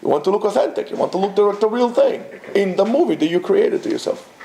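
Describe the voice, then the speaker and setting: High-pitched, gravelly man teaching a class. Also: fast, echoey room, slight background noise. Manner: animated, rhetorical questions, many restarts. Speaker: yeshiva teacher. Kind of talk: Torah class lecture. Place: classroom with students.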